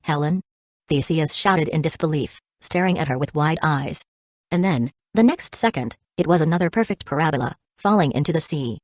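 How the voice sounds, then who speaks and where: A woman narrates a novel in a steady, even reading. Her voice is low, and the recording is close and dry with no room sound. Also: a little fast, no room sound. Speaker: audiobook narrator. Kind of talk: audiobook narration.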